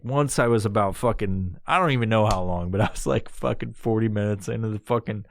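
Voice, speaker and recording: A man's voice: brisk, gravelly, hardly any pauses, dry recording. Profane rambling male podcaster. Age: adult with a son. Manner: profane, rambling, acts out his own panicked voice in high squeals. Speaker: podcast host. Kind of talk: casual storytelling.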